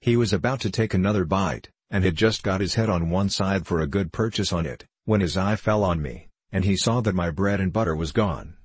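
A man reading a classic novel aloud as an audiobook narrator, in a measured, even storytelling manner. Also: low-pitched, slightly rough, dry recording.

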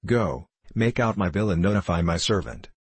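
A man's voice: sits low, normal speed, husky, no echo. A man reading the part of a haughty, coldly menacing nobleman in an audiobook. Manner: cool, imperious, coldly menacing.

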